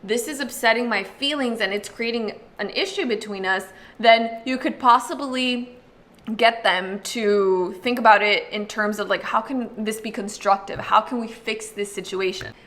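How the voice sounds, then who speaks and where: A woman hosting an astrology video, talking casually and explaining to the viewer, full of "like" and quick acted-out quotes. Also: a little high, fairly bright tone. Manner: chatty, uses lots of "like", acts out quick voices. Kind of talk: casual explanatory talk to camera.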